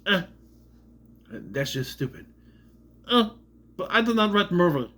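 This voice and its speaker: A man's voice: high-pitched, very animated, measured pace, pushed and bright. A man giving a casual, rambling film review, sarcastic and often tripping over names. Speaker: movie reviewer.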